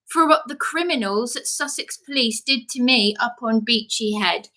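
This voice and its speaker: A woman telling her story to camera in a rushed, indignant way, restarting and repeating phrases, saying she feels ill and worn out. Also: on the high side, bright, forceful tone. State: feeling ill and exhausted. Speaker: vlogger. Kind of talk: agitated personal account to camera.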